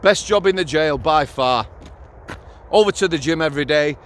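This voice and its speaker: A man's voice: a little high, normal speed, fairly bright tone, slight background noise. A middle-aged man, a former prison officer telling stories to his channel in a blunt, sweary, conversational way, outdoors. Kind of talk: casual vlog storytelling.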